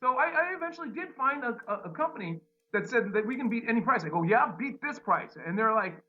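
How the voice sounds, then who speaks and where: A man's voice: very high voice, fast talker, hardly any pauses. A man telling a long, exasperated story about a customer service runaround, full of restarts and retold dialogue. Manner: animated, exasperated retelling with many restarts. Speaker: podcast host. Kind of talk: casual ranting story. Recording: dull lo-fi sound.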